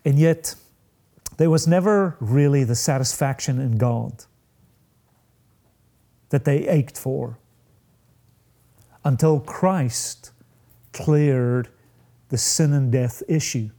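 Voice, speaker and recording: A man preaching a sermon, slow and emphatic, with dramatic pauses and rising peaks. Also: mid-range voice, mellow.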